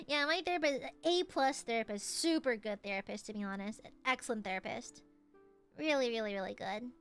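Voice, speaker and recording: A woman's voice: high voice, moderate pace, a bit bright, faint music behind. A young woman streamer chatting casually into her mic, giggling often and swearing freely. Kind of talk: casual chat.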